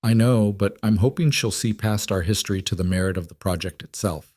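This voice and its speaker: Man reading as a steady, contrite businessman. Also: on the low side, fairly quick, dry recording, clean studio sound, close to an everyday voice. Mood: steady contrition. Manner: steady, even. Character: contrite businessman husband, middle-aged, steady.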